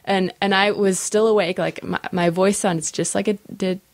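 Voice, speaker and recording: Woman, young adult, casual podcast chat, animated, laughs a lot, dry close sound. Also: medium pitch, moderate pace, no room sound. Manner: animated storyteller, laughs often. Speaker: podcast co-host.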